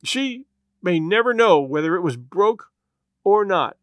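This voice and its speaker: A woman's voice: fairly low pitch, big pitch swings, a little slow, no room sound, pitched above the performer's own voice. A man reading aloud voices a grieving middle-aged farm wife who talks with impassioned, pleading urgency. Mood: anguished. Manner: impassioned, pleading, voice rising with feeling.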